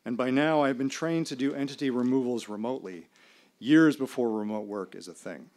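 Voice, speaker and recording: A man performing a first-person story live on stage, in a measured, dramatic delivery with pauses. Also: medium pitch, a little mellow. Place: small live venue.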